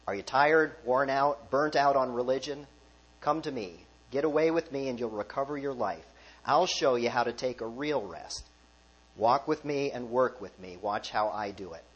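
A male pastor preaches a sermon at a middle pitch. He reads scripture aloud and turns to ask the congregation direct questions. A faint electrical hum runs under his voice. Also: low-quality recording.

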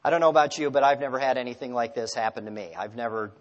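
A male pastor preaching a sermon. He tells stories and asks the congregation rhetorical questions, moving between loud emphasis and hushed, quiet phrases. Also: mid-range voice, racing, in a large hall, muffled recording.

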